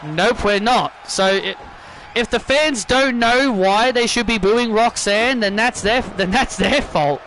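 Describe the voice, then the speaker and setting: Man, high voice, unhurried delivery, wrestling game play-by-play, shouty and repetitive. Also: a little hiss or hum. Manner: excitable, repeats phrases, shouts at big moves. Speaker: gaming channel host. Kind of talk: mock wrestling play-by-play over a video game.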